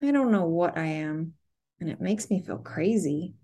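A woman reads a butch lover who speaks in a low, mellow voice, hesitant and self-conscious. The words come unsure, weighed down by loneliness. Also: animated, normal speed, slightly rough. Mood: uncertain. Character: butch first-person narrator, unsure and lonely.

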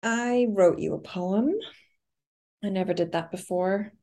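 A woman's voice: medium pitch, measured pace, warm tone, close to an everyday voice. A woman reading the lines of a butch character who speaks hesitantly and self-consciously. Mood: uncertain. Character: butch first-person narrator, unsure and lonely.

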